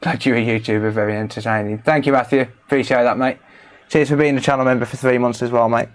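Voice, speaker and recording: A man's voice: mid-range voice, fairly even intonation, quick pace. A man from the English Midlands, chatting casually and joking with viewers while he works on electronics repairs, swearing now and then. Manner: joking, bantering, swears freely. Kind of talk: casual livestream chat while working.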